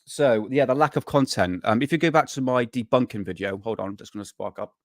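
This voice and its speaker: A man's voice: mid-range voice, fairly quick, no echo, studio quality. A man hosting a casual live stream, rambling and swearing freely, worn out and burnt out, chatting to viewers. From United Kingdom.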